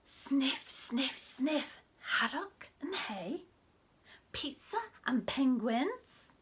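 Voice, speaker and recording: A woman reading a picture book aloud for children at library story time, animated and often dropping to a whisper for asides. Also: sits high, extremely slow, breathy edge.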